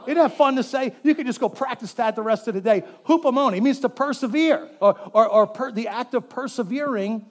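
A man preaching a sermon in church, animated and joking, who gets the congregation to repeat words after him. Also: extremely high pitch, fairly quick, hardly any pauses. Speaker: pastor.

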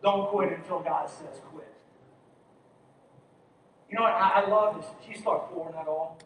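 A man's voice: sits high, unhurried, fairly bright tone. A man preaching a sermon as pastor, exhorting his congregation and calling for them to answer back. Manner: exhorting, calls for congregation responses. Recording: very echoey hall, distant mic, faint noise.

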